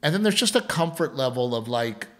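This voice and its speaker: A man's voice: medium pitch, lively intonation, brisk. A man co-hosting a podcast, telling a family story in a rambling casual way with many restarts. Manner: rambling, repeats words, laughs while telling a story. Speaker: podcast co-host.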